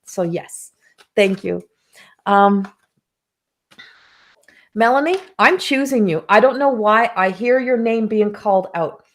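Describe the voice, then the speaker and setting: A woman's voice: medium pitch, takes it slowly, pauses often. A woman hosting a live card reading, reading viewer comments aloud and speaking in an emotional, affirming way. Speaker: intuitive card reader hosting a live stream.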